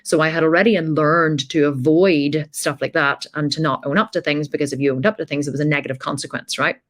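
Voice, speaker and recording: A woman's voice: sits low, fairly even intonation, fairly quick. A woman hosting a podcast, telling a personal story in a blunt, emphatic way and swearing freely. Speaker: podcast host.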